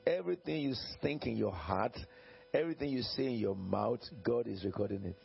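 A man's voice: medium pitch, brisk, vocal fry, breathy edge, faint music behind. A man preaching a sermon as pastor, emphatic and repetitive, often chuckling and checking in with the congregation. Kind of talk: sermon with Bible reading. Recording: dull lo-fi recording.

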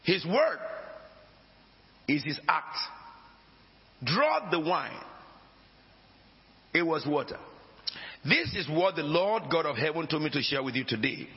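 Slow, lively-pitched preacher in a reverberant hall. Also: male voice. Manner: emphatic, preaching with dramatic rises and drops. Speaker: pastor. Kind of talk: sermon. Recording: dull lo-fi recording with long hall reverb.

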